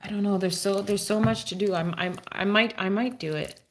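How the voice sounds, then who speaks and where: A woman's voice: steady tone, a little fast. A woman hosting a casual live stream with her dog, chatting to viewers and talking to the dog in a playful, sing-song voice. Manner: baby-talks to her dog, swings up high and playful; answers chat viewers with fillers and restarts.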